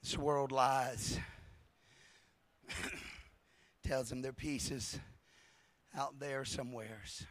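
A man preaching a revival sermon to a congregation, shouting repeated refrains with passion and then dropping to a hushed, intense delivery. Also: medium pitch, steady tone, extremely slow, pauses often, no room sound.

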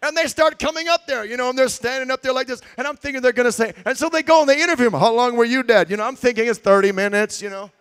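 A man preaching a sermon, telling stories with swings between shouts and quiet asides. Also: very high voice, rapid-fire, hardly any pauses, clear, resonant tone. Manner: shouting, animated storytelling with swings from loud to quiet.

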